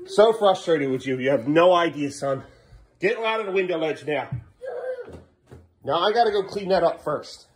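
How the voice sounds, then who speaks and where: A man with a notably high speaking voice scolds with worn-out exasperation. He hammers the same short commands again and again, sounding fed up. There is a faint hiss of noise behind him. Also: animated, brisk. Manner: exasperated, scolding, repeats himself. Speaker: vlogger. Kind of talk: casual vlog, scolding.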